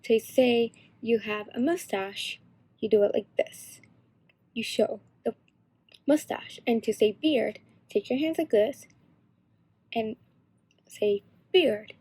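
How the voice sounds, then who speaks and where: A teenage girl explaining signs in a casual, halting tutorial. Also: a little high, mellow, breathy edge. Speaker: sign language instructor.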